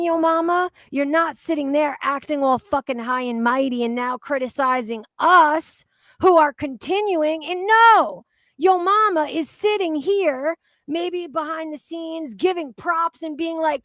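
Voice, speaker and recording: A woman's voice: very high voice, fairly bright tone, no echo, studio quality. A woman hosting a casual livestream, blunt and heated, swearing freely as she talks. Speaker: livestream host.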